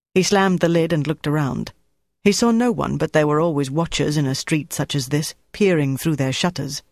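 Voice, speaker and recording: A man narrating an audiobook in a steady, even storytelling manner. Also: on the high side, no echo, studio quality. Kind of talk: scripted narration.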